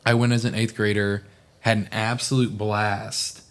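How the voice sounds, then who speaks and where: Brief: young male podcast guest, from Oklahoma, lowish voice, animated casual storyteller. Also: measured pace. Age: young adult. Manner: animated storyteller, acts out quoted people.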